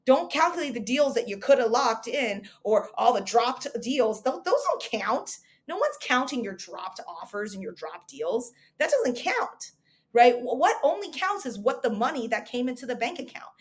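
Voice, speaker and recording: A woman in her thirties giving a recruitment coach's motivational market update, energetic and emphatic, driving her points home with repeated rhetorical questions. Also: on the high side, moderate pace.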